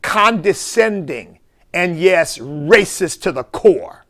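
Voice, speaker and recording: A man's voice: high voice, expressive, slow, a bit bright. A man, a bishop, giving impassioned preaching-style commentary full of rhetorical questions.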